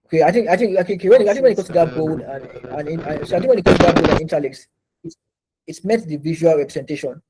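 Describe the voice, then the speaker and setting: A man's voice: fairly high pitch, animated, racing, a little mellow, a little hiss or hum, rough recording. A man teaching an online class, explaining at length with many restarts and repeated words while quizzing his students over a video call. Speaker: instructor.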